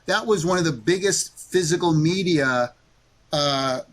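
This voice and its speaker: A man answers interview questions at length, rambling and a little defensive, full of ums and restarts. His voice is slightly higher than most men's. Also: a little slow, fairly bright tone. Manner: rambling, defensive, many fillers. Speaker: interview guest.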